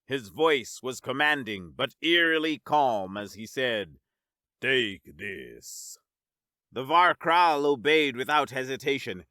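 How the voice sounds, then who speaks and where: A male narrator reading a science-fiction story at a slow, measured pace. His voice is bright and forward, and the recording is dry and close to the mic. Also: medium pitch, dry recording. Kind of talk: scripted sci-fi story narration.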